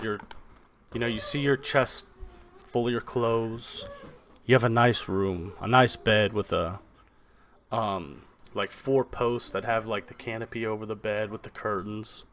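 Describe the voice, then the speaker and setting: A man's voice: lowish voice, fairly even intonation, measured pace, long pauses, fairly bright tone, a little hiss or hum. A man narrating a tabletop game as game master, in a loose style full of fillers. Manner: loose, with many fillers like "kinda" and "like".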